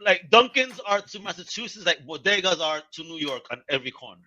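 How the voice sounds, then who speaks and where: A man from Puerto Rico hosts a casual podcast chat, his voice bright and a touch high for a man. He laughs often and jumps in with eager interjections. The sound is somewhat dull and lo-fi. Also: lively intonation, a little fast. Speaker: podcast host.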